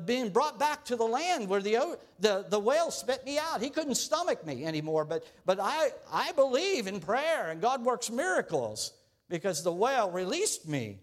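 A man's voice: extremely high pitch, big pitch swings, moderate pace, voice pushed up. A man preaching voices a boastful prophet interviewing for a job, eager and self-assured.

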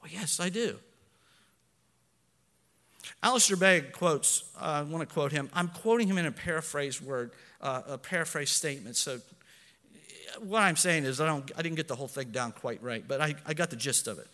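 Male preacher, high bright voice, earnest and emphatic, long church reverb. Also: a little fast. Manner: earnest, swings between soft asides and loud emphatic lines; self-correcting, with fillers. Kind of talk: sermon.

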